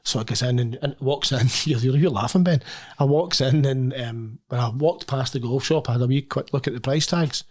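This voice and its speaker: A middle-aged man spins long, jokey anecdotes as a podcast co-host. His voice sits at an ordinary middle pitch, and he rambles through his stories in relaxed, casual banter. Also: a little fast, hardly any pauses. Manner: chatty anecdotal storyteller, jokey.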